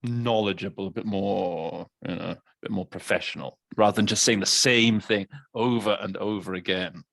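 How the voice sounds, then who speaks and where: A man casually explaining interpreting tips as a coach, relaxed with small restarts. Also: fairly low pitch, moderate pace, gravelly, no room sound.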